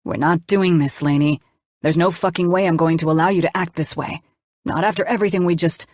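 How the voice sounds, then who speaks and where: Woman reading male doctor, young man, swearing, heated, deep-ish, dry sound. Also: fairly even intonation, brisk, a little mellow, no echo, natural voice. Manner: swearing, pleading. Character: angry young male doctor, defensive lover.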